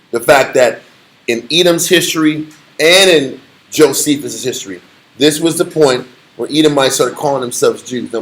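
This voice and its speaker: A man casually teaching a Bible study, talking in an animated, slangy way with a lot of laughter. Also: medium pitch, poor audio.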